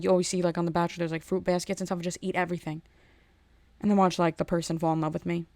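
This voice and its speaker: A woman hosting a podcast, ranting in a casual, animated way and often restarting and repeating her words. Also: fairly low pitch, gravelly, no echo. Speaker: podcast host. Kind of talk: casual solo rant.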